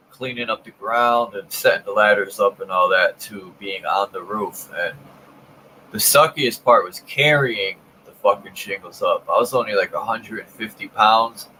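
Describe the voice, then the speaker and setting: Man, casual blunt talker, bright tone, faint background noise. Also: fairly low pitch, rough recording. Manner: blunt and profane, tells work stories. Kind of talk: casual chat.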